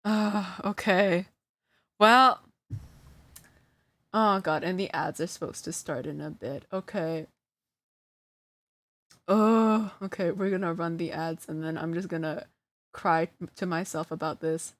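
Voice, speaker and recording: A woman's voice: lowish voice, takes it slowly, pauses often, a bit bright, no echo. A woman streamer chatting casually to her live chat, flustered and self-deprecating, often breaking into laughter. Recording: dry close sound.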